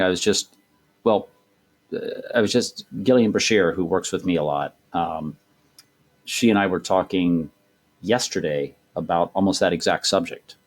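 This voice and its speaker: A middle-aged man, a voice director, talking in a casual interview, thoughtful and rambling with many restarts. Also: deep voice. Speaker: voice director guest.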